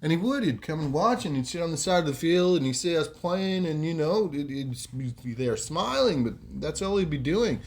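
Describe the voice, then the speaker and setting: Podcast host, casual storyteller, rambling delivery, pitch a bit above average. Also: male voice, lively intonation, normal speed, few pauses. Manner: rambling, lots of ums and "you know".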